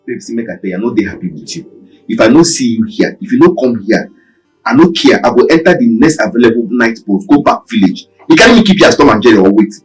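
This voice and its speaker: An actor voices a jealous, quarrelsome village boyfriend, speaking in a Nigerian Pidgin accent. His scolding comes out fast and swings widely in pitch. He sounds set back from the mic, with film music underneath. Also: expressive, recorded from a distance, lightly acted, low-quality recording. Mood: angry. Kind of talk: Nollywood film acting.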